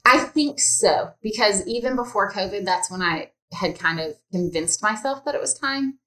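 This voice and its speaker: A woman with a medium-pitched, bright, forceful voice speaks animatedly at a moderate pace as a podcast guest. An instructional designer, she chats freely in a casual interview with frequent ums and likes, recorded with a roomy echo.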